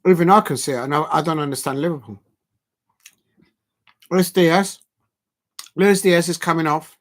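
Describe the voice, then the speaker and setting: A man hosting a live football watch-along, talking haltingly with fillers and breaking into loud emphatic outbursts at the action. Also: fairly high pitch. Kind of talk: live match reaction commentary.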